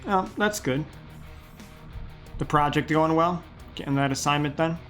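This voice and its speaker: A man's voice: a little high, unhurried, a bit bright, soft background music. A man chatting casually with his live-stream chat, laid-back and swearing offhandedly.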